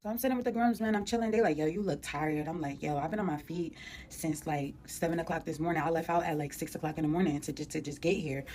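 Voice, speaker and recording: A woman's voice: deep voice, quick pace, darkish tone. A woman vlogger telling a personal story in casual, emotional slang. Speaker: commentary vlogger. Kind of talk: storytime vlog.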